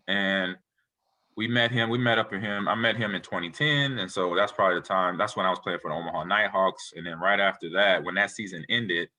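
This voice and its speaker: A retired football player, appearing as an interview guest, tells stories casually in a deep, bright-toned voice at a brisk pace. He's an animated, rambling storyteller who acts out the quotes.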